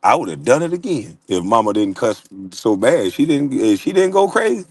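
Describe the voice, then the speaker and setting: A man's voice: mid-range voice, normal speed, breathy edge, no echo. A middle-aged man telling funny, profane stories as he reacts to chat, laughing often. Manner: laughing, profane, animated storyteller. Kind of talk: casual profane storytelling.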